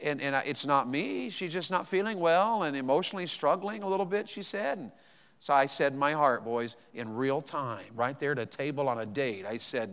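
A man's voice: on the high side, lively intonation, moderate pace, fairly bright tone. A man, a pastor preaching a sermon with emphatic calls to the congregation and stammered repeats. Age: 50s. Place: church sanctuary. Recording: echoey church hall.

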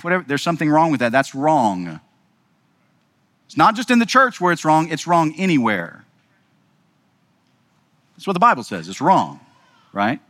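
A man's voice: fairly high pitch, a bit bright. A man preaching a sermon as pastor, emphatic and rhetorical, often checking in with the audience. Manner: emphatic, rhetorical, keeps asking the audience "right?".

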